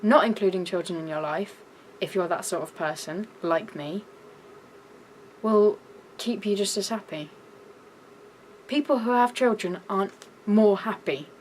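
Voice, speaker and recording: A young woman with a British accent ranting in a vlog, shouty and exasperated. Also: mid-range voice, unhurried, long pauses, slight background noise, low-quality recording. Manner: shouty, exasperated, breaks into laughs. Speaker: vlogger.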